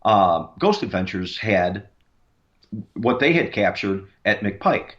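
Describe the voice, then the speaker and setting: A man's voice: on the low side, very animated, slow pace, a bit bright, highs cut off. A man, a paranormal investigator, tells a long story in a rambling way, with many fillers and restarts. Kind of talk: casual storytelling on a radio interview.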